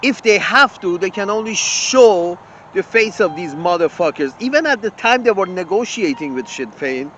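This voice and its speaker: A man with a high voice rants indignantly and swears freely, stumbling over words and restarting sentences. The audio sounds muffled, with faint traffic and vehicle noise from the street behind him. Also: animated, normal speed, fairly bright tone. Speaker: channel host. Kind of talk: ranting open-letter monologue.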